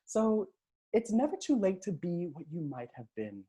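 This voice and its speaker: A transformational coach runs a live online coaching session over a video call, speaking into his computer mic. Upbeat, he hypes the chat with cheers and quick shout-outs in a warm, mellow voice that sits on the high side and swoops wildly in pitch.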